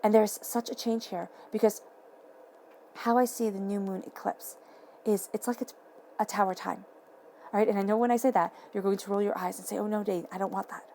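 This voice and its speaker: A woman giving a tarot reading to camera, earnest and excitable, repeating affirming phrases and sometimes tripping over her words. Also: mid-range voice, a little fast, creaky, slight background noise. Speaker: tarot reader. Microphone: camera mic.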